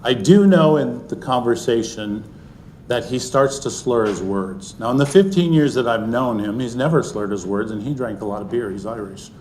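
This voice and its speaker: A middle-aged man telling a personal story to an audience, earnest, and often sinking into a soft, hushed voice. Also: mid-range voice, expressive, normal speed, slight background noise. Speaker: speaker sharing a personal story.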